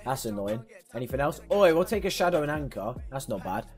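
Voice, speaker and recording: A man, commenting excitably as he opens football game packs for his stream viewers and yelling at big pulls. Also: mid-range voice, fairly quick, faint music behind. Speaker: gaming streamer. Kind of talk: excitable pack-opening commentary.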